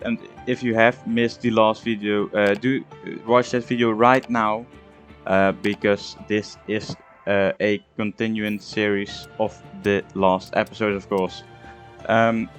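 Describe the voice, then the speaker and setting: A man hosting a racing game video, talking through his gameplay casually with frequent hesitations. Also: on the low side. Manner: hesitant, full of "uh" and "um" fillers. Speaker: gaming video host.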